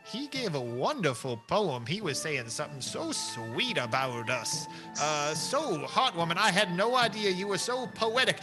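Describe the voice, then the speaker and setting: A man voicing a folksy adventurer with a put-on rustic drawl, speaking earnestly in a tabletop game. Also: sits high.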